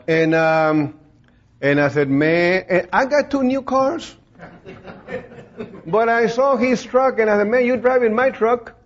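A man preaching an informal sermon in a plain-spoken, folksy way, rambling with many fillers and restarts. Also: fairly high pitch. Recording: dull lo-fi recording.

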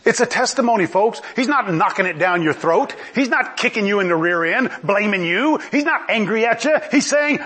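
Animated preacher with a husky high voice. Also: male voice, normal speed. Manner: animated, conversational, asks the congregation questions. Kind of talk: sermon.

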